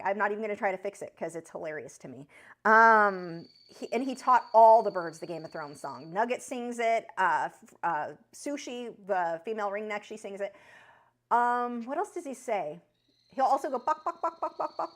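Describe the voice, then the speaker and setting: A woman with a high voice that she says sounds like a chipmunk, chatting loosely with her viewers on an art live stream, with lots of fillers and restarts. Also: a bit bright. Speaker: art teacher answering chat. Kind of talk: casual live-stream chat.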